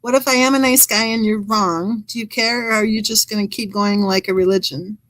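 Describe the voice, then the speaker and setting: A woman's voice: medium pitch, steady tone, fairly quick, fairly bright tone, no echo, low-quality recording. A woman hosting a true crime channel, reading live chat comments aloud and adding wry, chatty asides.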